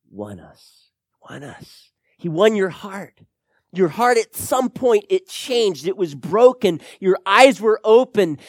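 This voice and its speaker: A man's voice: high voice, no room sound. Emphatic male preacher, dry close sound. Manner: swings from hushed to loud, emphatic preaching. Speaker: pastor. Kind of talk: sermon.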